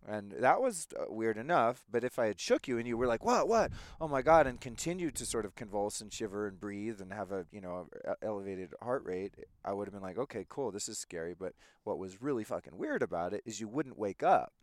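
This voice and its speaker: Lowish-voiced man telling a story casually. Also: fairly quick, hardly any pauses, no echo. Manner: animated, swears freely, acts out quoted voices. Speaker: podcast guest.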